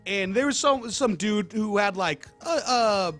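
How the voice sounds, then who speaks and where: A man co-hosting a casual chat, an animated storyteller who laughs often. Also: sits high, unhurried, faint music behind. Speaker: co-host.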